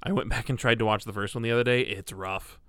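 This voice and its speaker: Rambly guy chatting on a podcast, smooth clear voice, dry close sound. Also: fairly low pitch, steady tone, fast, fairly bright tone, no echo. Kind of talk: casual chat.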